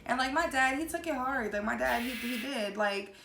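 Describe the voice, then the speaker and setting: A woman's voice: high voice, moderate pace, vocal fry, noisy background. A young woman co-hosting a casual vlog, telling a personal story candidly with many fillers. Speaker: vlogger, co-host. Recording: echoey room.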